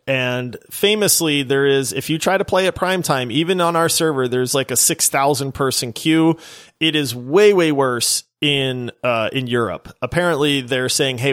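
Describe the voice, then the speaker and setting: A man's voice: mid-range voice, fairly bright tone. A man with a mid-range voice co-hosts a casual gaming podcast. He talks in long, eager explanations and keeps the conversation moving. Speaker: podcast co-host.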